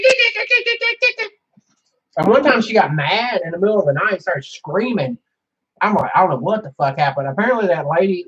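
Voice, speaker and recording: A young man rambles through a casual monologue, swearing freely and padding his talk with fillers. His voice sits a little high, and the recording sounds dull and lo-fi. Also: slightly rough. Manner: profane, rambling, frequent fillers. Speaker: vlogger.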